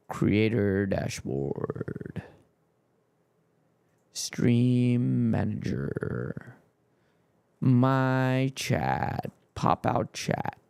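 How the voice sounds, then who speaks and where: A man's voice: medium pitch, vocal fry, a little mellow, clear, resonant tone, dry recording. A man streaming, casually muttering to himself as he fiddles with his stream settings. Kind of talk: casual livestream chatter.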